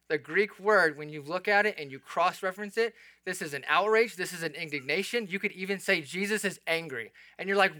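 A man delivering a sermon in an earnest, explanatory way, breaking into casual asides to the congregation. His voice is bright and sits somewhat high. The sound is dry and close, with no room around it. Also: no echo. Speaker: pastor. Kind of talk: expository sermon.

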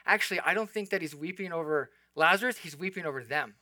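A man's voice: a little high, fast talker, hardly any pauses, pushed and bright, no room sound. A man preaching an expository sermon, explaining the text in an earnest, conversational way with asides to the listeners. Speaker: pastor.

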